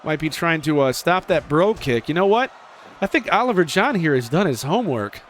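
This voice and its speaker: A man giving casual play-by-play commentary over a video game wrestling match, excitable, jumping up in pitch on the big moves. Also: a little fast, slight background noise.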